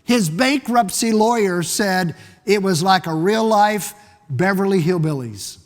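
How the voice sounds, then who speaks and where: A man with a high voice and lively intonation preaches unhurriedly from a church sanctuary. Emphatic and repetitive as he builds each point, he poses rhetorical questions to the congregation, while long reverb echoes through the hall.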